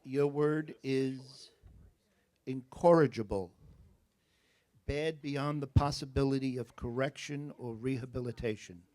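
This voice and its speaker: A man with a New Jersey accent, working as a spelling bee pronouncer. He reads words, definitions and example sentences in a measured, deliberate way and drops in joking asides. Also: medium pitch, a little mellow.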